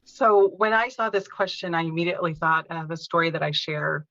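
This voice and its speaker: A woman telling a personal caregiving story in an interview, speaking earnestly and gently. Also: fairly low pitch, fairly quick, dry recording, highs cut off. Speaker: podcast guest, caregiving author.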